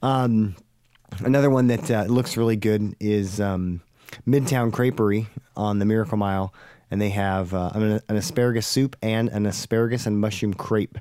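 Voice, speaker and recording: A man's voice: on the low side, fairly even intonation, moderate pace, warm tone, clear, resonant tone, no echo, studio quality. A man co-hosting a podcast, chatting easily about food with many ums and restarts. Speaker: podcast co-host. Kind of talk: casual chat.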